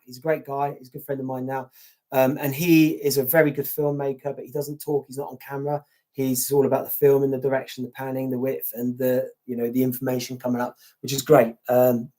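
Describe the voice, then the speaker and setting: Middle-aged man, chatty live-stream host with a slightly raised pitch; meandering, blunt delivery. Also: a little mellow. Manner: chatty, meandering, hums fillers while reading; blunt, swears casually. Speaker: YouTube channel host. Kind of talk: casual live stream chat, reading viewer comments.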